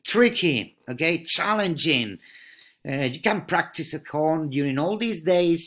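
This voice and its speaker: Slow male English teacher. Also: a little high, lively intonation, a bit bright. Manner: over-articulates sample words, often checks with "right?". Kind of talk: pronunciation lesson.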